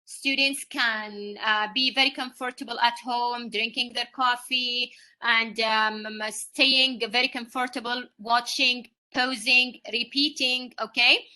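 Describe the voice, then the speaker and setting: A woman with a Saudi Arabian accent, a native Arabic speaker, presents to fellow teachers in a fairly high, very bright voice. She explains through questions, fills pauses with "uh" and "um", and checks in with "okay?" as she goes. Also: steady tone. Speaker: English teacher giving a conference talk. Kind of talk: live teacher-training presentation.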